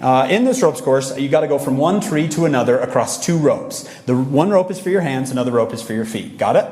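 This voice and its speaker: Male motivational speaker, lively storyteller with audience asides, long hall reverb. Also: mid-range voice, a little fast. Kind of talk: motivational talk to a young audience. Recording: echoey large hall.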